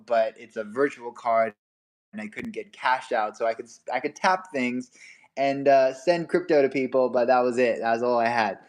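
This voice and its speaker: A young man hosting a casual livestream, chatty and laughing often as he rambles through stories. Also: medium pitch. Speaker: livestream host.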